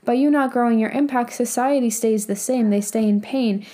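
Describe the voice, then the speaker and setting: A young woman with a mellow, soft-edged voice hosts a motivational podcast in a loose, chatty way. She peppers her talk with "like" and drops casual swear words while giving advice. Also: a little high, normal speed. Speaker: podcast host and business coach.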